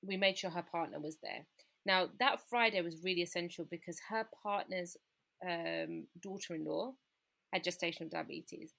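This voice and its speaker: A woman's voice: on the low side, moderate pace, vocal fry, a bit bright. Woman telling a candid personal story. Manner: candid, acts out the voices of family in her retelling. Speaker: podcast guest.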